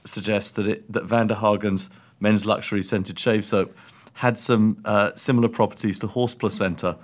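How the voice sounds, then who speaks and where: A man from England co-hosting a podcast, dry and deadpan, talking with hesitant ums. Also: lowish voice, normal speed. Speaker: podcast co-host. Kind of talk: casual comedic chat.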